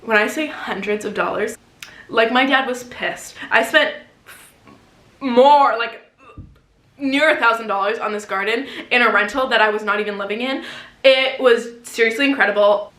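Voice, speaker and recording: Young woman, vlogger, casual chatty, filler-heavy, slightly high voice, roomy echo. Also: moderate pace, sharp tone. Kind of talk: casual chat.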